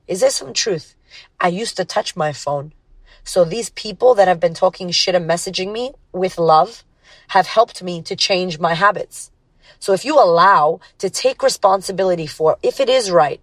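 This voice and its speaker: A woman's voice: on the low side, no room sound. A woman hosting a podcast, talking casually in a blunt, emphatic way with frequent swearing. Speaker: podcast host. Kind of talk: casual motivational podcast monologue.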